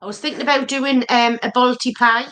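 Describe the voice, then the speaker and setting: A middle-aged woman chats casually during a home live stream, wandering easily from one thought to the next. Her voice sits a little higher than most women's. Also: steady tone, fairly quick, a bit bright. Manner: chatty, easily distracted. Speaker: cooking channel co-host.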